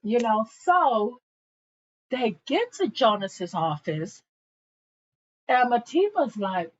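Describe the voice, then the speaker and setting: A woman's voice: a little high, sing-song, slow pace, pauses often, lo-fi sound. A young woman casually recapping a TV episode in a gossipy way, with frequent asides to her viewers. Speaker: TV show reviewer.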